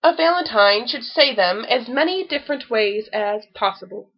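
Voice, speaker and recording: A woman's voice: fairly high pitch, animated, moderate pace, lo-fi sound. A woman voicing a fussy, knowing male rabbit in a storybook, with a sniffy manner. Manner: sniffing, know-it-all.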